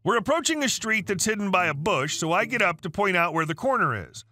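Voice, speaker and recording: A high, bright male text-to-speech narrator reads online stories in an even way and says each dialogue tag aloud. His pitch moves around a lot, and faint music plays under the voice. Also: fairly quick. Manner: even reading that speaks the listed dialogue tags aloud. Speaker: story narrator.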